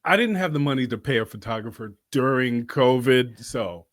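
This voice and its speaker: A man's voice: medium pitch, animated, normal speed, no echo, clean studio sound. A man from Boston, an actor guest telling stories in a casual interview, rambling and laughing often.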